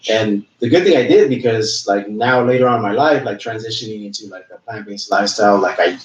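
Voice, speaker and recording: A man from Southern California, a realtor guest on a podcast, chatting casually in a rambling way with lots of "like" and trailing off quietly. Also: on the low side, fairly quick, far from the mic, a little hiss or hum. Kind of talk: casual interview conversation. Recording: echoey room, off-mic, dull lo-fi sound.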